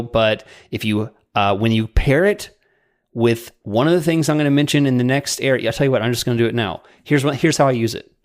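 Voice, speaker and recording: A man co-hosting a podcast, chatting casually and explaining software tips step by step, quick to laugh. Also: mid-range voice. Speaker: podcast co-host.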